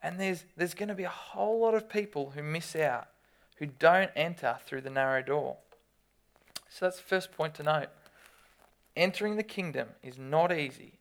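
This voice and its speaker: A preacher delivers a sermon in lively storytelling bursts. The words often restart and repeat as the speaker builds to a point. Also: medium pitch, gravelly.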